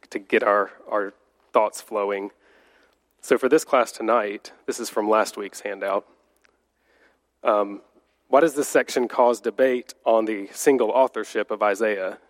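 A man teaching a church Bible class, congested and slightly nasal from a cold, talking conversationally with fillers and restarts. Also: fairly low pitch.

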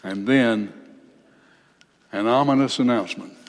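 An older man preaching a sermon, reading scripture slowly and breaking off for folksy, blunt asides. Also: mid-range voice. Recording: reverberant hall.

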